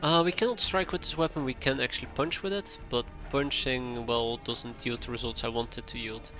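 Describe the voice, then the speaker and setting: Streamer guy chatting thru his game, bright tone, light music under it. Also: medium pitch, fairly even intonation. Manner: chatty, talks to himself while playing, quick asides. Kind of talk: casual live gameplay commentary. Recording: faint game music behind.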